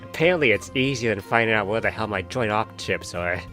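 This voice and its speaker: A man's voice: on the low side, brisk, bright, forceful tone, soft background music. A man chatting during a game stream, laid-back, with short reactions and questions. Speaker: fellow player. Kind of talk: casual chat while gaming.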